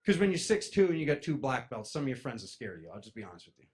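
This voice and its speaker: A young man telling a personal story to an audience, acting out the voices of his friends and jumping from loud, high outbursts down to low mutters. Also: rapid-fire. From East Coast of the United States. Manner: lively, acts out friends' voices, jumps loud and high then drops to a mutter.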